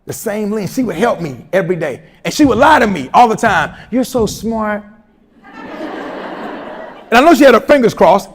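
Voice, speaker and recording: High-voiced man giving a humorous talk. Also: normal speed, breathy edge. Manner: animated storyteller, humorous asides, acts out quoted voices. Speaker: keynote speaker at educators' institute day. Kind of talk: motivational speech to teachers.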